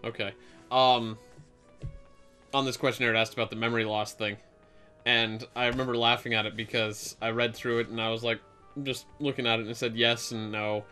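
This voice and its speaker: A man's voice: mid-range voice, little pitch movement, fairly quick, pushed and bright, clean tone, soft background music. A man hosting a let's play, chatting casually while he plays and rambling through stories with lots of fillers. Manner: rambling, filler-heavy storytelling. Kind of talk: casual gameplay chat.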